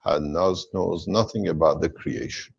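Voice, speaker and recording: A man giving a rambling spiritual lecture, explaining slowly in non-standard English. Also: low-pitched, gravelly, breathy edge, dry recording, muffled recording. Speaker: workshop lecturer.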